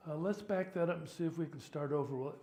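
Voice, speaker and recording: Older priest giving an informal workshop. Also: male voice, a little high, quick pace, dark tone, slight background noise. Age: 70s. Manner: chatty, joking, stops to sort out sound. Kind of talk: informal teaching talk.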